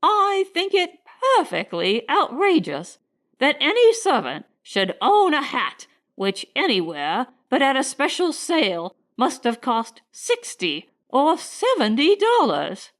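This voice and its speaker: A woman's voice: a little high, very animated, slow. A woman voicing a haughty, indignant older society matron in a raised, pompous tone.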